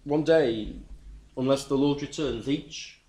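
A man's voice: mid-range voice, takes it slowly, dark tone. Earnest preacher man. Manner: earnest, emphatic, repeats words when building a point. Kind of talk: sermon.

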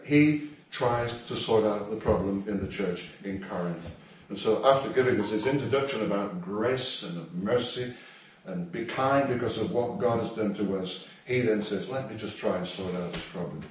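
A man's voice: fairly low pitch, animated, moderate pace, darkish tone. A man preaching a sermon in a conversational, humorous way, with asides to the congregation. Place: church hall. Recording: echoey hall, distant mic, faint noise.

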